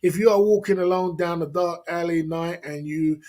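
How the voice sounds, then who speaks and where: A man's voice: fairly high pitch, steady tone, normal speed, a little mellow. A man hosting a casual livestream chat, talking loosely, laughing often and checking in with his viewers. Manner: chatty, laughs often, keeps asking "you know what I mean". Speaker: livestream host.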